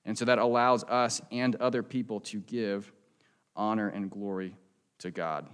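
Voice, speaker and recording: A man preaching a sermon in a church as a pastor, in an earnest, conversational way, and closing in a quiet prayer. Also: on the low side, steady tone, a little slow, clean tone.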